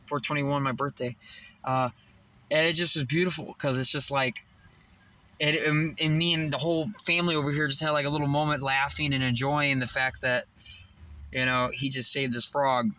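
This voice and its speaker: Excitable young man rambling outdoors. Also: on the high side, slight background noise. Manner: rambling, excitable, swears freely. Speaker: vlogger. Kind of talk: casual vlog storytelling. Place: outdoors by a tree near his parked car.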